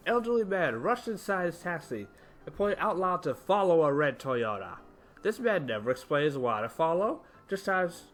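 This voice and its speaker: Lively man reading stories aloud. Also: on the high side. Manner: animated reading with small self-corrections. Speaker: story narrator. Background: faint background music.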